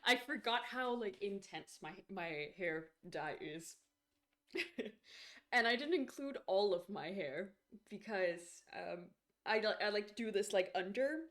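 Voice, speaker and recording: A woman's voice: mid-range voice, animated, unhurried, fairly bright tone. A young adult woman streamer chatting casually while she plays a game, rambling with lots of fillers and small restarts. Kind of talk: casual chat while gaming.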